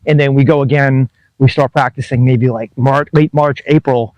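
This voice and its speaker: A man's voice: mid-range voice, fairly even intonation, normal speed, a little mellow, no room sound, low-quality recording. A man in his fifties telling a rambling, self-deprecating story to camera, chuckling as he goes. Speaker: tennis vlogger.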